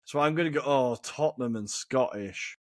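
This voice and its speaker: A man co-hosts a football podcast, chatting casually and often thinking out loud. He swears freely as he searches for answers. The sound is dry and close on the mic. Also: medium pitch, moderate pace, no echo. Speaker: podcast co-host.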